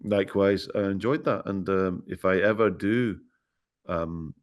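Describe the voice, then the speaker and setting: Glaswegian actor guest, middle-aged man, lowish voice, playful storyteller, casual chat. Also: measured pace. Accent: Glaswegian Scottish. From Scotland.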